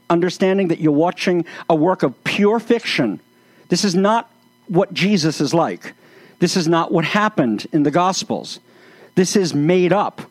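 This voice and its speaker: A man's voice: on the high side, dry recording. A man speaking as a pastor in sermon-style commentary, earnest, with flashes of exasperated sarcasm.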